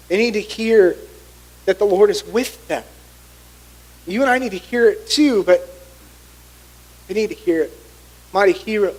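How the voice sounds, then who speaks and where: Brief: middle-aged male pastor, high voice, animated storytelling sermon. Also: low-quality recording. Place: church sanctuary.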